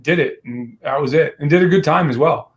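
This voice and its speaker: A man's voice: a little high, fairly quick, muffled recording. A man co-hosting a podcast, earnest and encouraging in casual chat. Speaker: podcast co-host.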